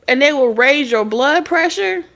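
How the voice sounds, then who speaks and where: A woman with a gravelly, fry-laden voice gives spiritual advice in a loose, preachy monologue. She talks bluntly, swears freely and drifts into streetwise stories. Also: high-pitched, lively intonation, measured pace, a bit bright. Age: adult mother of several children. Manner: blunt, profane, streetwise storytelling. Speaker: spirit medium and tarot reader.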